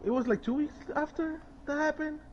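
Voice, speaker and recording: A man's voice: very high-pitched, fairly quick, highs cut off, a little hiss or hum. A man telling a story in casual chat on a stream, crude and rambling, laughing as he goes.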